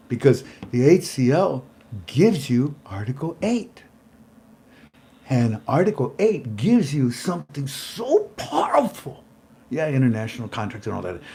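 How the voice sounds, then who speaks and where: A man hosting a casual commentary show, talking in an animated way, often repeating words and chuckling. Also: mid-range voice, gravelly. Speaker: show host.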